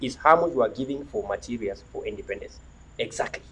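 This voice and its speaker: A man's voice: medium pitch, animated, fast, fairly bright tone, slight background noise, low-quality recording. A middle-aged man hosting a livestream, delivering an impassioned, preachy monologue full of repetition and rhetorical questions. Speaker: livestream host.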